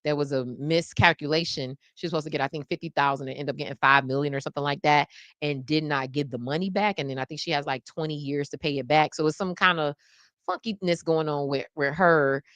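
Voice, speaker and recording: A woman's voice: sits low, fast talker, a bit bright, no room sound. A woman in her thirties hosting a live podcast, chatting casually and animatedly in slang and laughing often. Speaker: podcast host.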